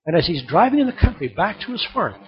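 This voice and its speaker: A man preaching a sermon, telling a story and then calling loudly on the congregation to open their Bibles. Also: high voice, very animated, fast talker, highs cut off. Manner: storytelling, building to loud exhortation. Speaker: pastor.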